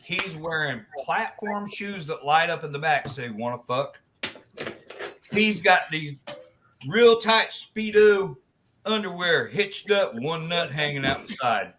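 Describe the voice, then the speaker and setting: A man hosting a live stream, telling long dirty jokes in an animated, profane way. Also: on the high side, unhurried, a little hiss or hum. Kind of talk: casual joke-telling.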